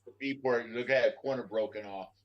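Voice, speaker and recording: A man giving practical advice in casual live stream chat, speaking plainly with some halting restarts. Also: medium pitch, lo-fi sound.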